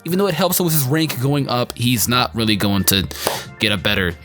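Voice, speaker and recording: A man giving a casual spoken anime review in an excitable, slangy, rambling way. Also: medium pitch, fairly quick, soft background music.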